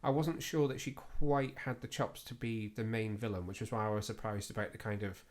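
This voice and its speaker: A man's voice: fairly low pitch, steady tone, brisk. A man co-hosting a podcast, talking casually with lots of fillers and self-deprecating asides. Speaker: podcast co-host. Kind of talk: casual chat.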